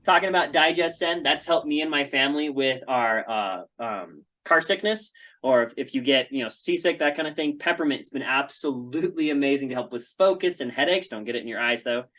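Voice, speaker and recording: A man talks through a casual presentation in a loose, chatty way. He tells stories as he goes and keeps breaking off for quick asides. His voice sits at an ordinary middle pitch for a man. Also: animated, a bit bright, low-quality recording. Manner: chatty storytelling with frequent asides.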